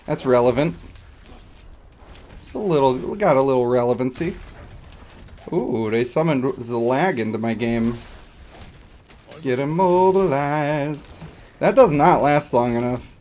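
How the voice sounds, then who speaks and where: A man's voice: medium pitch, animated, unhurried, pauses often, darkish tone. A man streaming a video game, chatting casually in a rambling, joking, self-deprecating way. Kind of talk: casual live-stream chat over gameplay.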